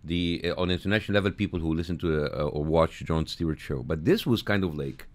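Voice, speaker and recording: A middle-aged man whose first language is Arabic, talking as a radio studio guest in a halting way, often repeating words and laughing easily. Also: sits low. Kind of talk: conversational interview.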